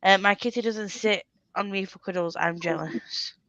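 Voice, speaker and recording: A woman's voice: medium pitch, moderate pace, fairly bright tone, no room sound, muffled recording. A woman hosting a casual live stream, rambling through stories and laughing often, on a webcam mic. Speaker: livestream host. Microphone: computer webcam mic.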